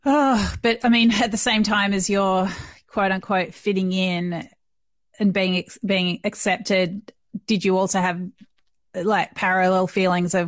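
A woman's voice: mid-range voice, steady tone, unhurried, no room sound. A woman interviewing a guest, asking thoughtful, probing questions.

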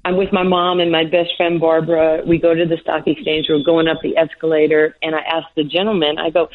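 Tinny-sounding woman telling a lively story. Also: sits low, quick pace, hardly any pauses. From New York. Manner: animated, laughs often, acts out quoted voices. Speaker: guest, former basketball player. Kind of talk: storytelling interview. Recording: tinny phone-line sound.

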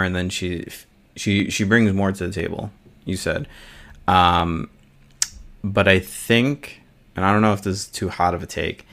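A man with a very low voice chats casually on a movie podcast. He rambles along with plenty of fillers, recorded in a small studio. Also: fairly bright tone. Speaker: podcast co-host. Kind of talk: casual chat.

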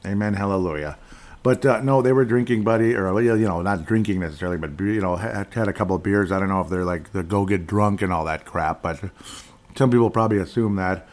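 A middle-aged man hosting a casual solo sports talk podcast, rambling and digressive with jokes, often clearing his throat. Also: deep voice, fast. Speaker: podcast host.

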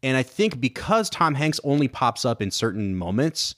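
A man's voice: medium pitch, big pitch swings, normal speed, a bit bright. A man co-hosting a casual film podcast, talking enthusiastically and analytically about a movie. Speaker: podcast co-host.

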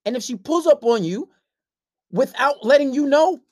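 A man's voice: very high voice, lively intonation, normal speed, darkish tone, dry recording, clean studio sound. Brash, profane young man ranting. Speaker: podcast host. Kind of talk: casual dating-advice podcast rant.

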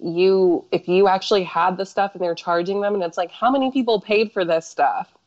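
A woman's voice: medium pitch, fairly quick, a little mellow, dull audio. A woman from South Carolina co-hosting a casual chat, blunt and sarcastic, often laughing. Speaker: podcast co-host.

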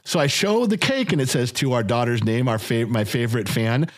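A middle-aged man co-hosting a casual podcast, telling family stories with lots of swearing and acting out quotes in a raised, high voice. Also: fairly quick. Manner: animated storyteller, acts out shouted quotes in a high voice, swears freely. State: recovering from illness. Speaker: podcast co-host. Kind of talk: casual storytelling chat.

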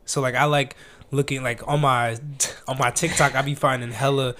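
A man's voice: medium pitch, flat delivery, moderate pace, sharp tone. A young man hosting a casual podcast, chatting in a laid-back slangy way and laughing often. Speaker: podcast host. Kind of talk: casual chat.

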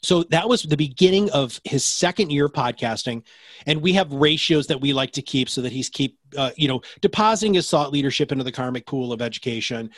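Fast, enthusiastic man with a dry sound. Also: medium pitch, expressive, fairly bright tone, no echo. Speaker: podcast production company owner. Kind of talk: energetic interview answers.

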